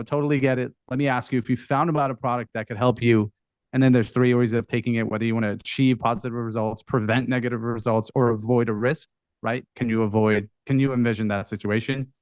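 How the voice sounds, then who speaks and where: Male guest expert, mid pitch, halting and self-correcting, dry close sound. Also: a little mellow, clean tone, no room sound. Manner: hesitant, repeats words, hedges. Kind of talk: casual conversational advice.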